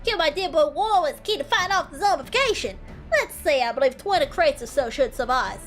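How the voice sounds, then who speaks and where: Brash Southern mom, high-pitched and scolding, bossy and no-nonsense, as a woman puts her on. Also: lively intonation, fairly quick, soft background music. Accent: put-on American Southern. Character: brash, bossy middle-aged mother.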